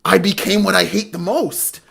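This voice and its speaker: A young man commentates his gameplay on a live stream with a slightly higher voice. He rambles excitedly and laughs often, swinging from quiet mutters to loud hype. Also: moderate pace, gravelly, breathy edge. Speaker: gaming streamer.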